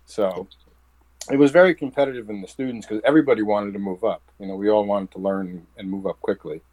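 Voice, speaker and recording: This man, a wrestler with a New Jersey accent, is a lively storyteller in a casual interview chat, voicing the dialogue he quotes. He talks fast in a lowish voice, recorded without echo and with poor sound.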